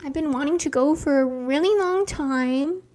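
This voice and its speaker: A young woman hosting a casual live stream, reading out viewers' names and talking gently and affirmingly about dreams. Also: high voice. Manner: slow, gentle, spiritual and affirming.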